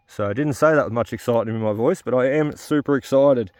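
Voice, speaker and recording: A man's voice: medium pitch, fast, hardly any pauses, darkish tone, no room sound, studio quality. A man, hosting his own metal detecting videos outdoors in the bush and chatting straight to his viewers. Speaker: metal detecting channel host. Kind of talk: outdoor narration while detecting.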